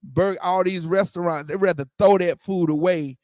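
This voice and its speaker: A man's voice: high-pitched, normal speed, a little mellow, no echo, studio quality. A man leading a religious discussion, preaching in a casual way, often asking "you understand?" and restarting his words. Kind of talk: preaching-style casual talk.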